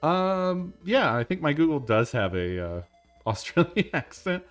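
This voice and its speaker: A man's voice: on the high side, sing-song, unhurried, faint music behind. A man streaming a game, chatting casually, laughing often, swearing and rambling. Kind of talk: casual gameplay stream chat.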